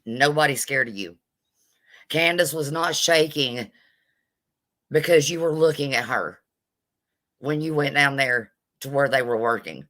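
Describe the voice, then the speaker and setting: Speaking slowly with long pauses, this woman vlogger has a very deep yet bright and forceful voice. Her live vlog commentary is an indignant, blunt rant full of sass, broken up by greetings to her audience.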